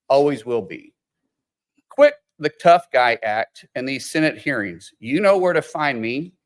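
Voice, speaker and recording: A man at a hearing, reading out insults and taunting a witness in a combative manner. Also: on the high side. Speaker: senator at a hearing. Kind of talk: confrontational hearing exchange.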